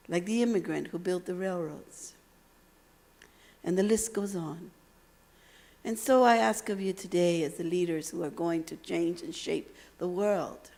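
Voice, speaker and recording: A woman from Texas giving a motivational speech at a university, telling stories with emphatic phrasing and dramatic pauses. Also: fairly low pitch, creaky, darkish tone. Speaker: motivational speaker. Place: university lecture hall.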